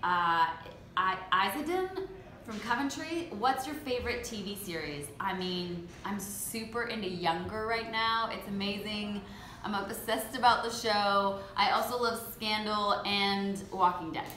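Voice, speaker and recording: A woman's voice: mid-range voice, measured pace, pushed and bright. A young woman from Canada, a country singer, chatting casually as she reads fan questions aloud and answers them. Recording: echoey room with faint ambient noise.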